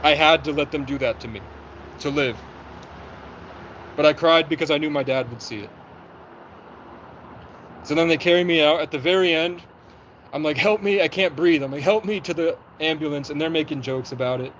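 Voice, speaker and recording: A young man talks to his livestream from somewhere outdoors, his voice sitting a little high. He tells his story in an agitated, rapid rush and acts out the lines of others as he goes. Faint street and traffic noise runs behind him. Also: fairly bright tone, poor audio. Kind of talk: livestream monologue.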